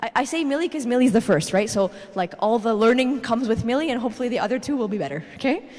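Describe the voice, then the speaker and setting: A woman in her thirties giving a parenting talk at a church, telling animated personal stories and tagging her points with "okay?". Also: fairly high pitch, fast. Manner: animated storytelling, tags lines with "okay?". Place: church hall. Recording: reverberant church hall.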